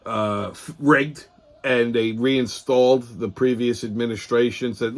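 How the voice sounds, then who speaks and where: A man's voice: medium pitch, fairly even intonation, normal speed. A man hosting a weekly political commentary show, ranting in a profane, heated, sarcastic way, rambling and restarting his sentences.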